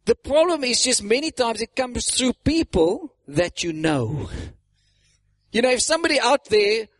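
A man preaching a sermon, animated, acting out mocking voices and laughing often. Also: very high voice, unhurried, dry recording.

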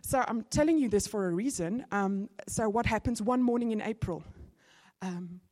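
A middle-aged woman, giving an animated testimony in a sermon, with sudden bursts of excitement. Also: mid-range voice, moderate pace.

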